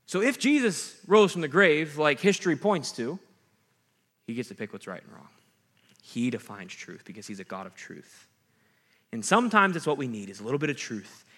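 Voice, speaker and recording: A man's voice: on the high side, sing-song, moderate pace, fairly bright tone. A young adult man, a pastor, giving a sermon in a conversational way, with jokey asides and acted-out quotes.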